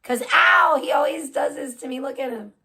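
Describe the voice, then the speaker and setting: A woman hosting a casual livestream who swears freely and slips into high baby talk with her cat. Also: moderate pace, bright, forceful tone. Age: adult, older than most of her chat. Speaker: livestream host.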